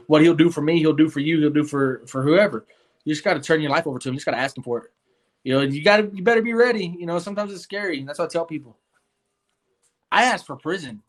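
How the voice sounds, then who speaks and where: A young man telling his story in a casual interview, earnest and rambling, with many fillers and restarts. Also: a little high. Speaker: guest.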